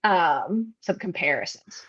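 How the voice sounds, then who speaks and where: A woman's voice: on the low side, very animated, takes it slowly, a bit bright, breathy edge, lo-fi sound. A young woman co-hosting a podcast in casual chat, rambling and laughing at herself as she talks. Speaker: podcast co-host.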